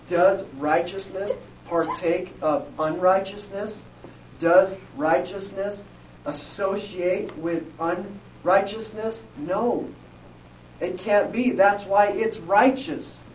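Guy teaching bible to a group, real slow and repeats stuff, sounds far off in an echoey room. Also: sits high, darkish tone, a little hiss or hum. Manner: slow, repeats key words and checks in with "okay?". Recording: echoey, distant, dull room recording.

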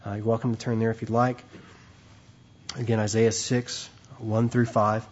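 A man's voice: lowish voice, flat delivery, moderate pace, darkish tone, highs cut off. A man preaching a sermon, reading scripture aloud and explaining it in a conversational way with frequent "right?" and "okay?" asides.

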